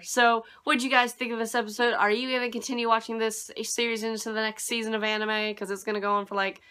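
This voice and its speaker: Bright-voiced woman reviewing anime, dismissive. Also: mid-range voice, fairly even intonation, fast talker, hardly any pauses. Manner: rambling, dismissive, laughs often. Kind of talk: casual spoken review.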